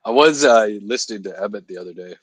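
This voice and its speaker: A man's voice: fairly low pitch, expressive, fast talker, slightly rough, dry recording. A young man filling in as host of a live stream, chatting casually with viewers, laughing often and talking into a phone microphone. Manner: chatty, laughs often, reads and answers chat.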